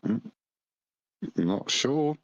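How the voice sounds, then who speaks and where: A man hosting a casual live stream, calm, dry and teasing. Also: medium pitch, drawn-out words, no room sound, dull audio.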